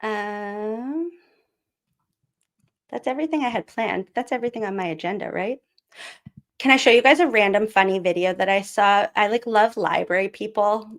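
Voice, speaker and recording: A woman hosting a casual live stream and reading aloud. She rambles warmly between thoughts, full of little fillers and giggles. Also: mid-range voice, moderate pace. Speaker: live-stream host, former teacher.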